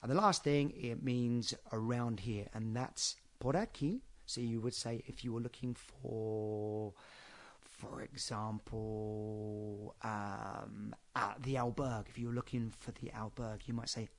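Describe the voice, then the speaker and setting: A man's voice: on the low side, steady tone, a little slow. Chatty man teaching phrases. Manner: chatty, rambling, uses many fillers. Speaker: podcast host. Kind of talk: casual spoken lesson.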